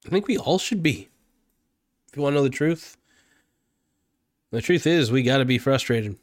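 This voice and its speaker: A man's voice: medium pitch, expressive, normal speed, no echo, clean studio sound. Angry profane man ranting. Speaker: political vlogger. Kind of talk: unscripted political rant.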